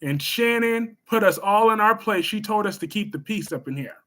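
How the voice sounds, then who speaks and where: A man hosts a live stream, chatting with viewers in an animated way. His voice sits high and bright. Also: normal speed. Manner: chatty, animated, scolds chatters loudly then gushes warmly. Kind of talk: casual live stream chat, reading viewer comments.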